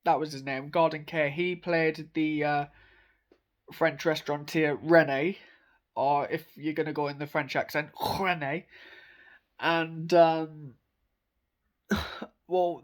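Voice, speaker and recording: Slow-talking, higher-voiced young man. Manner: enthusiastic, rambling with many fillers and laughs. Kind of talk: casual monologue.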